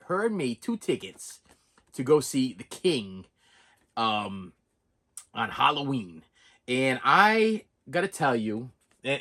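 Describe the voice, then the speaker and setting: Middle-aged man, excitable vlogger, repeats lines, voice jumps around. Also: medium pitch. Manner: animated, repetitive, excitable. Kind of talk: casual storytelling vlog.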